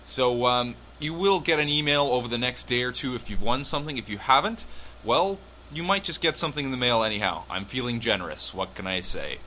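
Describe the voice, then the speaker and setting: A man's voice: mid-range voice, animated, a little fast, sharp tone, a little hiss or hum. A man hosting a radio show as DJ, talking casually between tracks with lots of fillers and wry asides.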